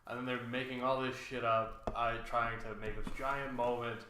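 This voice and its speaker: A man's voice: medium pitch, flat delivery, moderate pace, echoey room, noisy background. A man co-hosting a podcast, chatting casually with dry, skeptical remarks. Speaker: podcast co-host. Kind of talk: casual recap chat.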